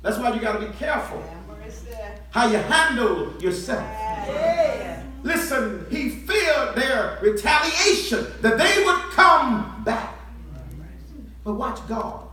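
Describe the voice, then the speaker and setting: A man preaching a sermon, building from quiet talk into shouted call-and-response to the congregation. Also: very high-pitched, big pitch swings, slow, long pauses. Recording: echoey church from far off.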